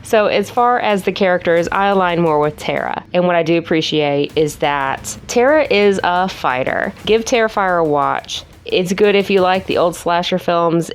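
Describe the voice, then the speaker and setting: A woman's voice: fairly low pitch, moderate pace, few pauses, soft background music. A woman giving a casual, chatty movie review, self-mocking and laughing at her own jokes.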